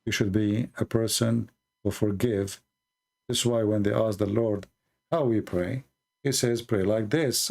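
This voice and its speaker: Slow-preaching man, gravelly voice. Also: lowish voice, darkish tone. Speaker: Christian apologist answering a caller. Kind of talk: earnest religious explanation.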